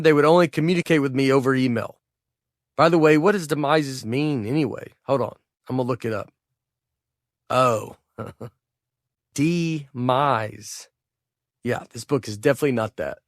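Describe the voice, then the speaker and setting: A Tennessee man with a Southern US accent narrates his own humorous audiobook, laid-back and deadpan. His mid-range voice comes through clean studio sound with no echo.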